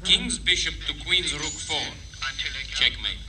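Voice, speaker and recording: A man's voice: fairly high pitch, animated, takes it slowly, loud music behind the voice. A man voicing assorted foreign radio operators in an old comedy broadcast, pleading urgently and then bidding curtly. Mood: smug. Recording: noisy old broadcast recording.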